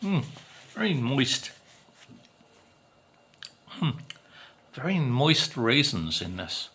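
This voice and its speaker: A man from Britain tasting cakes on his food vlog, talking slowly and musing, humming as he savors each bite. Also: mid-range voice, very animated, a bit bright, slightly rough. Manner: slow, musing, savoring with hums between bites. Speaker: food vlogger.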